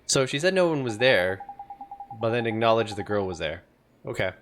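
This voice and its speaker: A man's voice: on the low side, expressive, normal speed, a bit bright, slight background noise. A man giving wry, joking commentary while playing through a video game. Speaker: gaming streamer. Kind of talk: playthrough commentary. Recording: game music playing behind.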